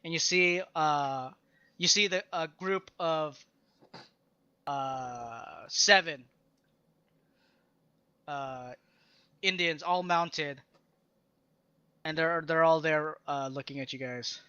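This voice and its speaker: A young man narrating a tabletop game as its game master, his voice bright and forceful but a bit raised in pitch. He describes the scene haltingly, leaning on "uh" and "like". The recording is dull and lo-fi, with a dry, close sound. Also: clear, resonant tone, dry recording. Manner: halting, filler-heavy describing.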